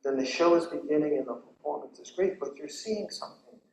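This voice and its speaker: A man's voice: on the high side, fairly quick, creaky, darkish tone, a little hiss or hum. A man, a Buddhist monk, giving a dharma talk at a retreat in a conversational storytelling way, often checking in with the listeners. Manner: conversational storytelling, many "right?" asides. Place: temple hall during a retreat. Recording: roomy hall echo.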